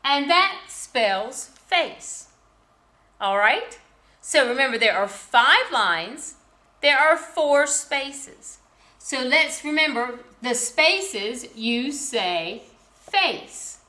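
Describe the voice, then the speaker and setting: A woman music teacher giving a patient, slow lesson to children, counting and repeating as she goes. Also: sits high, very animated, bright, forceful tone.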